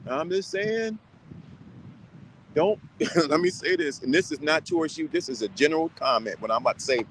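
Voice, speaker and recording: A man's voice: fairly high pitch, lively intonation, moderate pace, long pauses, fairly bright tone, slight background noise, rough recording. A man giving casual advice to viewers, talking sternly and repeating his points with lots of restarts. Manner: rambling with many restarts.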